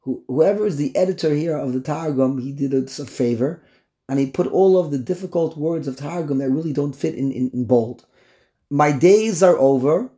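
A man leads a Torah class in a mellow, dark voice. He sprinkles Hebrew and Yiddish terms into his English, stammers over restarts, and breaks into incredulous outbursts. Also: fairly high pitch, brisk. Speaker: Torah teacher.

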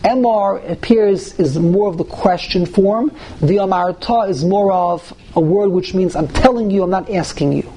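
A man teaching a text-study class, animated, mixing Hebrew and Yiddish terms into his English and jumping up in pitch to stress points. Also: moderate pace, few pauses, a little hiss or hum, low-quality recording. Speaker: Torah teacher.

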